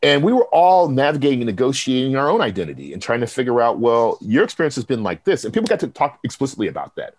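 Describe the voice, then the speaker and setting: A professor and program director from Texas talks fast with few pauses in a medium-pitched voice, with no echo. In a casual interview he tells stories animatedly, acting out others' words in lively bursts.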